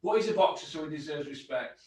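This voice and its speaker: The boxing podcast host goes off about fights, blunt and full of swearing, in a slightly high, animated voice with a darkish tone and a fast pace. Sound comes from a distant mic in a very echoey room.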